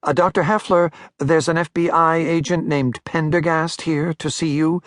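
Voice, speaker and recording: A man's voice: a little high, fairly even intonation, normal speed, a bit bright, dry recording, studio quality, voice pushed up, lightly acted. A man voicing a fussy middle-aged woman receptionist, flustered and polite.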